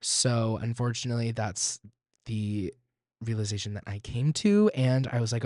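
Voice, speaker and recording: A man's voice: mid-range voice, measured pace, a little mellow, no room sound, clean studio sound. A young man from Texas in his twenties hosting a solo podcast, chatty and self-deprecating, breaking into sudden squeals and laughs. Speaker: podcast host.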